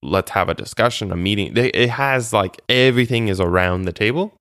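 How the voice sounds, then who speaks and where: Interviewed casually about his time as a volunteer, a man with a fairly low voice talks a little fast, telling chatty, animated stories with many fillers and restarts. The studio-quality recording has no room sound.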